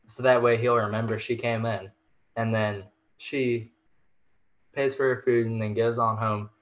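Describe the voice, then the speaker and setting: A man's voice: medium pitch, flat delivery, measured pace. A man guesting on a podcast, retelling a story in a laid-back, slangy way. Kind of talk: casual literary discussion. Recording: dull, lo-fi remote audio.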